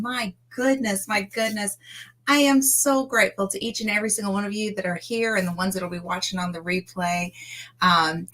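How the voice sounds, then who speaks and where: A woman hosting a casual livestream chat, greeting viewers warmly with lots of fillers. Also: fairly high pitch. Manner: bubbly, effusive greetings, many fillers. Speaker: livestream host. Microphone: streaming mic.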